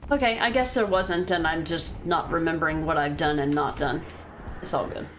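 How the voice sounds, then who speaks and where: A woman's voice: sits low, moderate pace, a little hiss or hum. Chatty, foul-mouthed woman streamer. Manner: chatty, swears freely, reads chat aloud. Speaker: game streamer. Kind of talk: casual gameplay commentary.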